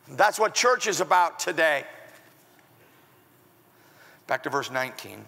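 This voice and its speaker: A male pastor preaching an animated sermon, acting out the scripture with raised shouts. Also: fairly high pitch, unhurried, vocal fry, long pauses. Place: large church hall with long reverb. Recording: live sermon in reverberant church hall.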